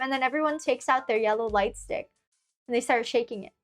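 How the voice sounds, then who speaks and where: A young woman with a high, light voice chats casually with her stream viewers, rambling and giggling through lots of fillers and restarts. Soft music plays faintly underneath. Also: brisk.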